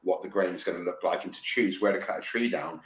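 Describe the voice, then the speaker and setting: A man from England in casual podcast chat, excitable, swearing freely and stumbling over restarts. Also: sits low, fast, muffled recording. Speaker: podcast guest. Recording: roomy with faint noise.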